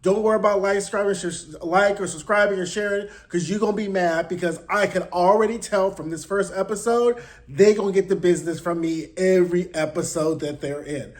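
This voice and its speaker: A high-voiced man talks straight into a close mic. He recaps TV in a casual, slangy way, with sassy, blunt asides. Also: a little fast, hardly any pauses. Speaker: host.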